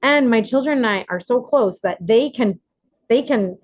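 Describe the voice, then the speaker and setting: A woman facilitating an online recovery workshop on a video call, animated, acting out quotes with big jumps in pitch. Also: moderate pace, highs cut off.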